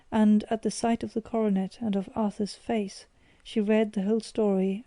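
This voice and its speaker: A woman narrating a classic detective story as an audiobook, in a measured, even storytelling delivery. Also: medium pitch, dry recording.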